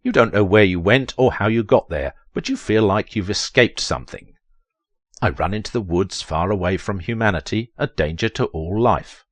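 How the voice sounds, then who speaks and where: A man's voice: lively intonation, moderate pace, dry recording. A man narrating a text adventure in a theatrical, dramatic reading voice. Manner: theatrical, leaps to high strained pitch on quoted lines.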